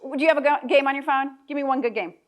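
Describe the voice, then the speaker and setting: A woman's voice: high voice, fast talker. A woman in her thirties telling a candid, jokey story to a live audience, with asides to the crowd. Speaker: guest speaker. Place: event hall with a live audience.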